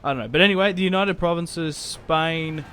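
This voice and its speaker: A young man giving casual, rambling game commentary, self-mocking and prone to sudden excited outbursts. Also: on the high side, moderate pace, a little hiss or hum. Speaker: gaming YouTuber. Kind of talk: casual Let's Play commentary. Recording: game music playing faintly behind.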